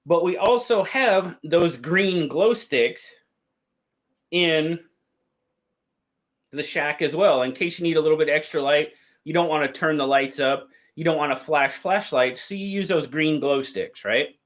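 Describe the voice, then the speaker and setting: A man hosting a livestream, telling stories in a casual, drawn-out way and reading out chat. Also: a little high, fairly bright tone. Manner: drawn-out, easygoing storytelling with quoted voices. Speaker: livestream host. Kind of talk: casual storytelling to live chat.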